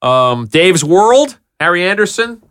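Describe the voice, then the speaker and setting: A man hosting a podcast reads off show titles and dates in an animated, chatty way. His pitch moves a lot, and his tone is bright and forward. The recording is dry and close. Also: slow, clean tone, no room sound. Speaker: podcast host. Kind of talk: casual chat, reading out TV listings.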